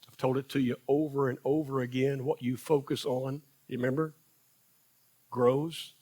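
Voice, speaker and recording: A man's voice: medium pitch, fairly even intonation, moderate pace, mellow, husky. A man preaching a sermon in a church, repeating phrases for emphasis, asking the congregation rhetorical questions and acting out quotes. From United States. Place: church sanctuary.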